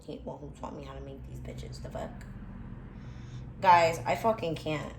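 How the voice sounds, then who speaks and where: A woman's voice: low voice, moderate pace, darkish tone. A young woman, cooking at home in a casual vlog, complaining dramatically, swearing, and talking to her viewers. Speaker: vlogger. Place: home kitchen. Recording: echoey room with faint background noise.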